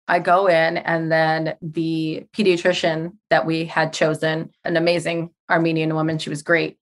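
Woman in her 30s on a podcast, telling her story all worked up, acts out every voice, bit low-pitched. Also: measured pace. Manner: animated, acts out quoted dialogue, swears. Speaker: podcast guest. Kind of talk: emotional personal storytelling.

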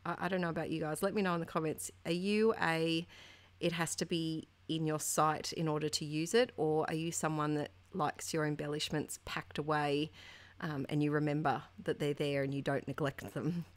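A woman in her thirties chatting casually and warmly about her scrapbooking as a voice-over, meandering from one thought to the next. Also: sits low, flat delivery, moderate pace. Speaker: craft vlogger.

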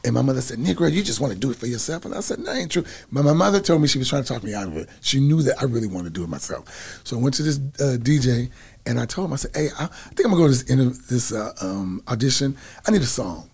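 A man's voice: mid-range voice, expressive, very fast, a little mellow. A middle-aged man telling stories from his past in a casual interview, laughing often and breaking into snatches of song. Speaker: guest telling his story.

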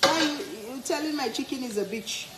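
Woman doing a cooking live, bit high voice, giggly and teasing, echoey noisy kitchen. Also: brisk. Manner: playful, laughs a lot, reads comments aloud. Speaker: cooking livestream host. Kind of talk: casual live-stream chat.

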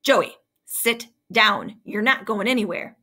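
A woman's voice: medium pitch, takes it slowly, sharp tone. A woman reading aloud as a strict but fair male middle school principal, scolding firmly. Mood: stern. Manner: stern, firm, scolding.

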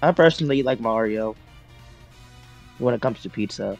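A man co-hosting a podcast in casual group chat, animated and quick to break into sung bits. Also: mid-range voice, creaky, highs cut off, faint music behind. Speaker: podcast co-host.

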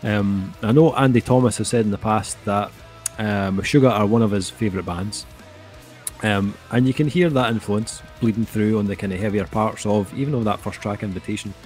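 A middle-aged man co-hosts an album review, talking casually and rambling with plenty of fillers like "um" and "kinda." His lowish voice is fairly quick with a darkish tone, and faint music sits behind him.

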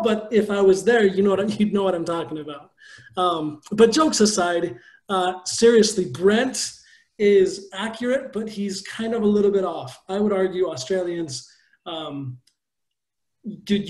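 A man with a high, bright-sounding voice pitches with eager, joking energy. He speaks over a video call, and the sound carries a strong room echo. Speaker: company executive.

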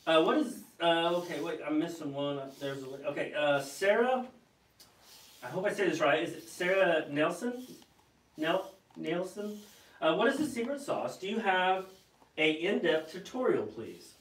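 A man's voice: fairly high pitch, lively intonation, a little slow, a bit bright, roomy sound, recorded from a distance, low-quality recording. A man co-hosting a live stream, casually joking and reading viewer comments aloud.

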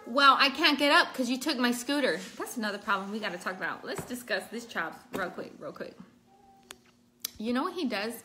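A woman's voice: a little high, animated, a little fast, sharp tone, slight background noise. A woman chatting casually through a makeup tutorial at home, breaking off to talk to her child. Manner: chatty, scattered, talks to viewers and her child mid-task. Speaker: makeup vlogger. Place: at home indoors.

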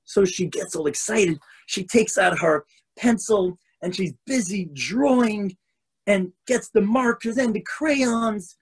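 Husky animated storytelling rabbi. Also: male voice, sits high, takes it slowly. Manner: animated storyteller, shifts voices for characters. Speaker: rabbi and lecturer. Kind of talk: storytelling lecture. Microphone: video call.

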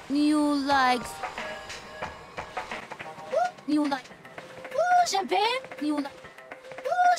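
Brief: high, swooping, drawling Russian party girl, tipsy and crude, game dialogue over music. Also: full character voice. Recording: game audio with music behind.

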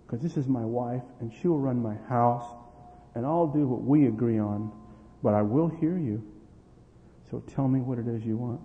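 A middle-aged man preaching and telling family stories, acting out the dialogue with bursts of energy. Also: medium pitch. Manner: animated storyteller, acting out quoted dialogue, laughing. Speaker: pastor. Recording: tinny lo-fi with long hall reverb.

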